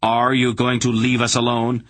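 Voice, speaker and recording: A man playing a young sorcerer issuing threats in a dreadfully quiet, slow voice. Deep and husky, with a close, dry audiobook sound. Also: steady tone, no room sound, exaggerated voice. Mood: menacing. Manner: menacing, quietly commanding.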